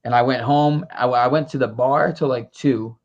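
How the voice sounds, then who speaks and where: A man recounting a story in loose, casual conversation, slipping into the voices of the people he quotes. His pitch sits in the middle of the range. The audio is dull and lo-fi. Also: normal speed, crowd noise. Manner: animated storyteller acting out quotes. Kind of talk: casual chat.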